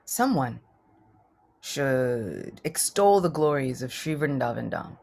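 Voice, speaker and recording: Brief: a woman doing a thoughtful male sage giving measured advice, husky tone. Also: rumbling low, lively intonation, darkish tone, voice pushed down, full character voice. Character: wise male sage proposing a plan.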